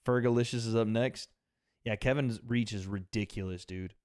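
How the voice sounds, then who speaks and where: A man's voice: lowish voice, steady tone, moderate pace, a little mellow, smooth, dry recording, clean studio sound. A man hosting a livestream watch party, giving casual, profane commentary on a fight and bantering with his chat. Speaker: livestream host.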